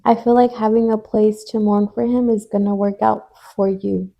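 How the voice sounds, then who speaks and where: A woman co-hosting a podcast who listens and answers her friend in a gentle, reassuring way. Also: medium pitch, flat delivery, moderate pace, gravelly. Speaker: podcast co-host. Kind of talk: casual supportive chat.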